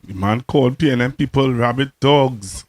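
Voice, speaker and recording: Call-in host, male, Trinidadian accent, mid-pitched, teasing and repetitive, loose chatty delivery. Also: moderate pace, darkish tone. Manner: mocking, teasing, repeats himself. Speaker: radio talk show host. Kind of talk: casual call-in talk show.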